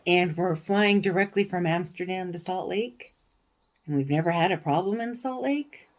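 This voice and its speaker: A woman hosting a stitching vlog, telling a story in a casual, animated way with indignant, sarcastic asides. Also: lowish voice, normal speed, a little hiss or hum. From United States. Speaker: cross-stitch vlogger, show host.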